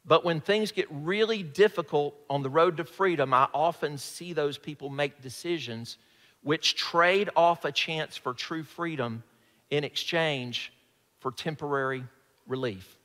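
Brief: male pastor, fairly high bright voice, earnest sermon delivery, long hall reverb. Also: unhurried. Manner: earnest, questioning, drops to a hush at phrase ends.

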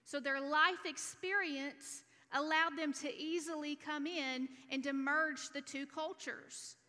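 A woman's voice: high-pitched, fairly even intonation, takes it slowly, sharp tone. A woman from Alabama preaching a sermon, earnest and teaching point by point. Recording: reverberant church hall.

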